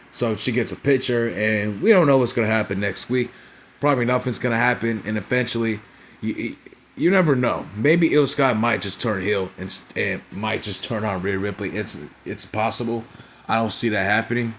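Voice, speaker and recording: A man's voice: on the low side, a bit bright, a little hiss or hum. A young man casually recapping a wrestling show, rambling and profane, forever tagging on "right?" and "you know what I'm saying?".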